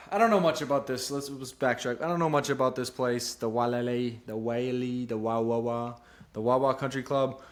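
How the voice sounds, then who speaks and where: A young man hosts a solo golf betting show in a loose, rambling way. He drifts between offhand jokes and his picks, often poking fun at himself. His voice sits in an ordinary mid range for a man. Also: medium pitch. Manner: rambling and self-deprecating, jumps between serious and goofy. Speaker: podcast host giving golf betting picks. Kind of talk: casual solo commentary.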